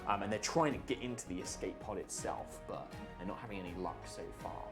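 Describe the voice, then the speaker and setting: A man's voice: deep voice, fairly quick, music in the background. A man running a tabletop superhero game, describing scenes with loose, filler-heavy narration. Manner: rambling descriptions with many fillers. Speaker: game master.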